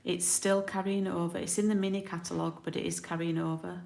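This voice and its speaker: Card-making demonstrator from the UK: a low, gravelly woman who chats and thinks aloud in a roomy room. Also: little pitch movement, fast, darkish tone. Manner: chatty, thinks aloud while working. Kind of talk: live craft tutorial. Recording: roomy home recording.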